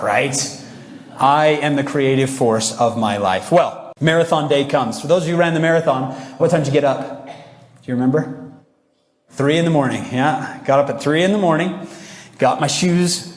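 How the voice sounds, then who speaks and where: A man's voice: mid-range voice, moderate pace. A man giving a motivational talk to young people, telling stories with energy and acting out quoted lines. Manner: animated storytelling, acts out quotes. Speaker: speaker addressing youth. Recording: echoey hall.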